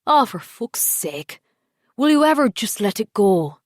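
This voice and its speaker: A woman voicing a defensive, dismissive husband who brushes off his wife's accusations, speaking louder and brighter than her narration. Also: sits high, big pitch swings, normal speed, no room sound, studio quality, voice pushed up. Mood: exasperated.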